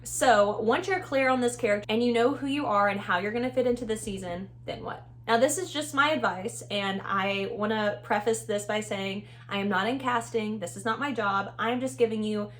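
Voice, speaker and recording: A woman's voice: medium pitch, moderate pace, few pauses, a little hiss or hum. A young woman with a Texan accent giving upbeat, chatty advice in a casual vlog, laughing often. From Texas. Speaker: vlogger, former reality show contestant.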